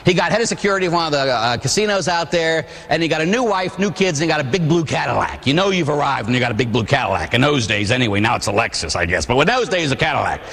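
A man in his forties from Pittsburgh, a priest preaching a sermon with animated storytelling and acted-out voices. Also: fairly high pitch, fast talker, few pauses, in a large hall. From Pittsburgh, USA. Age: 40s. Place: church.

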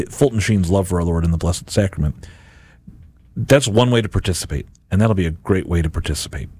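A man's voice: lowish voice, darkish tone, no echo, clean studio sound. A middle-aged man, a radio and podcast host, giving a Catholic reflection on Scripture and acting out imagined voices in quotes.

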